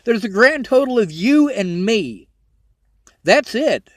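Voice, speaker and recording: A man's voice: sits high, very animated, takes it slowly, a bit bright, no echo. A man on a phone call, earnest and reassuring, pressing his point. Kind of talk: emotional phone conversation.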